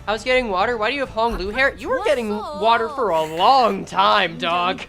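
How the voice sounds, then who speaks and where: Lively, sarcastic woman streamer. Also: medium pitch, normal speed, over music. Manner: sarcastic, joking, talks to chat. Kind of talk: live game commentary, reading skill text aloud.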